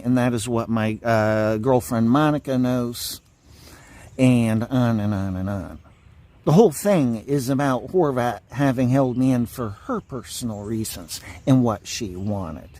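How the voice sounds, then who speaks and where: A man's voice: medium pitch, a little mellow. A man delivering an angry, profane monologue straight to his viewers, full of insults and repeated points. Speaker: vlogger.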